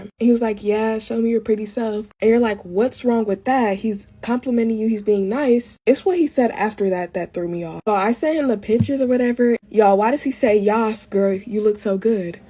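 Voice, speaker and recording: A woman's voice: fairly high pitch, brisk, few pauses, dark tone, breathy edge. A young woman chatting casually to her viewers as she tells a storytime while doing her makeup. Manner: chatty, keeps addressing viewers as y'all. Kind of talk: casual get-ready-with-me storytime.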